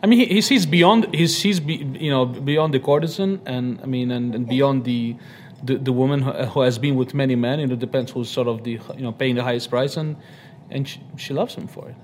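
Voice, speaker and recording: A man, an opera singer on a panel, speaking haltingly with restarts and a joking streak. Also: mid-range voice, slight background noise. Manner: halting, jokey, laughs often. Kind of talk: panel interview.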